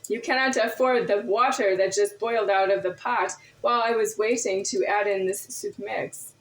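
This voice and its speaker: A woman's voice: medium pitch, steady tone, normal speed, roomy sound, poor audio. A woman in a confrontational monologue to camera, firing off insistent, repetitive rhetorical questions.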